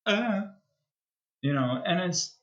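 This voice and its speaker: A man's voice: medium pitch, takes it slowly. A man streamer chatting casually as he wraps up a live game stream, rambling and hesitant with many restarts.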